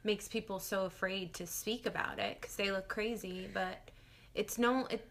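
Woman, gravelly and bright, reassuring, casual chat. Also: medium pitch, steady tone, normal speed, a little hiss or hum. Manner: reassuring, earnest. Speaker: podcast co-host.

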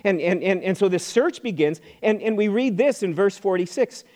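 A middle-aged pastor preaches conversationally, often repeating words and acting out quoted voices. His voice is high and expressive with a darkish tone, at a moderate pace.

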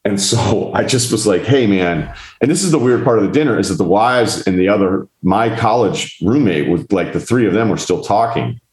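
A low-pitched man recounts a dinner story, slipping into the voices of the people he met along the way. His speech is casual and salty. The sound carries a roomy echo. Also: moderate pace, few pauses. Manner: animated, mimics others in quotes, swears. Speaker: podcast host.

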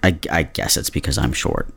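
A man's voice: rumbling low, lively intonation, normal speed, creaky, a bit bright, husky. A young man hosting a podcast, chatting casually with a joking, self-deprecating manner. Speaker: podcast host. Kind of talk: casual chat.

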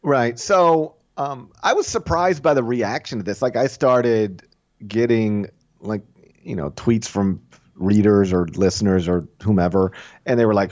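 A man hosting a casual sports podcast, animated and opinionated, often restarting phrases and putting on mock voices for others. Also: mid-range voice, normal speed, dry recording. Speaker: podcast host. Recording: dull lo-fi sound.

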